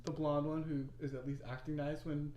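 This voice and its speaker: A woman's voice: low voice, level tone, fairly quick, crowd noise. A woman co-hosting a podcast in rambling, teasing casual chat, laughing often. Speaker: podcast co-host.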